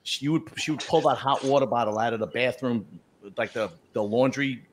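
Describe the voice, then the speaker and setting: Middle-aged guy on a video call, crude and animated, cursing through a story, faint hiss behind. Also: medium pitch, moderate pace. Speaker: host. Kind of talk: casual storytelling chat.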